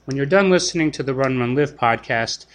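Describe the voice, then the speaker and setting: A man's voice: mid-range voice, fairly quick. An upbeat man reads a scripted podcast opening as guest announcer. His delivery is playfully boastful, hyping his home teams with a grin in his voice.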